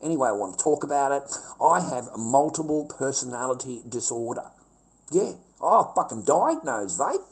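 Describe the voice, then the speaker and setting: A man's voice: mid-range voice, big pitch swings, moderate pace, low-quality recording. A man livestreaming, ranting in a blunt, rambling way full of swearing. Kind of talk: casual livestream rant.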